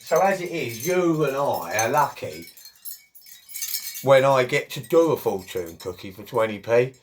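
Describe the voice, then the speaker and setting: A man's voice: mid-range voice, very animated, measured pace, slight background noise. A middle-aged man, talking in a chatty, rambling monologue full of jokey asides.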